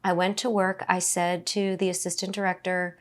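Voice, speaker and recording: A middle-aged woman, a podcast guest, tells a personal story haltingly, with many fillers and restarts. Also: lowish voice, level tone.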